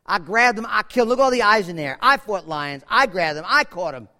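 Male preacher playing a bold shepherd boy, high lively voice, emphatic, echoey hall. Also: a little fast, heavily acted. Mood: confident.

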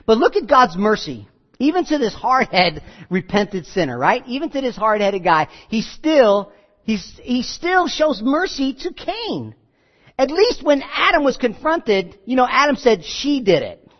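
A man preaching a sermon, animated and acting out the voices he quotes. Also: high-pitched, unhurried. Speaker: pastor. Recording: dull lo-fi recording with long hall reverb.

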